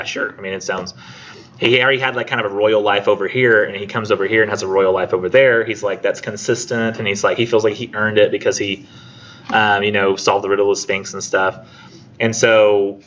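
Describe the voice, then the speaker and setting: A man with a somewhat low voice gives a casual college lecture to his class, retelling a story and acting out the characters' lines in a chatty way. The recording sounds muffled, with a little background hiss. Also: fairly bright tone. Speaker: college English instructor.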